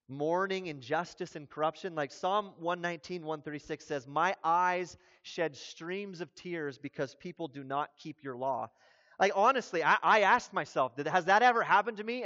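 A male pastor preaching a sermon with passion, swinging between emphatic peaks and low, quiet stretches. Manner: impassioned, rising to emphatic peaks then dropping low. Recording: long reverb, dull lo-fi sound.

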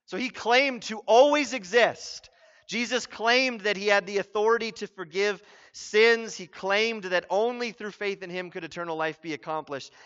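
Male pastor, high bright voice, conversational sermon with emphatic peaks, muffled lo-fi audio. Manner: conversational, grows emphatic and loud when stressing points.

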